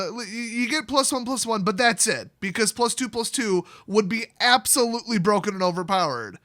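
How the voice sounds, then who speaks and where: A man's voice: high voice, bright, forceful tone, no echo, clean studio sound. A man hosting a comedic card-review vlog, sarcastic and ranting, with jokey asides. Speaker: card game video host.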